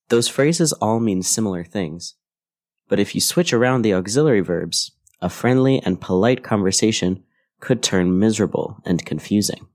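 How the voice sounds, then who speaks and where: A man with a low, deep voice teaches English grammar on a podcast. He reads his scripted lesson in a clear, measured way. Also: expressive, a little mellow. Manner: clear, measured explanatory delivery.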